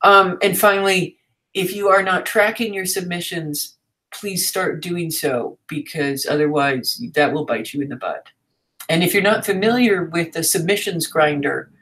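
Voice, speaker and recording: A woman's voice: low voice, fairly bright tone, rough recording. A woman teaching a writing class in a frank, chatty way, with fillers and asides. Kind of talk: casual teaching talk.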